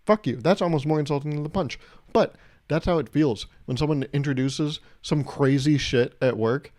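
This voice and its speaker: Here a man with a fairly high voice talks at a normal speed, hosting his own comedy podcast. He swears plenty and plays out both sides of each exchange, keeping things lively.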